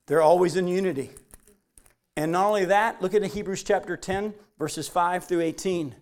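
A man preaching a sermon, reading scripture aloud and driving points home with animated emphasis. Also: high-pitched, normal speed. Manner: animated preaching, voice rising on quotes. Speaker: pastor.

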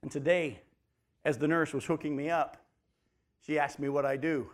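A man's voice: a little high, fairly even intonation, moderate pace. A male preacher teaching the Bible in a conversational sermon, calling his listeners folks and asking them rhetorical questions.

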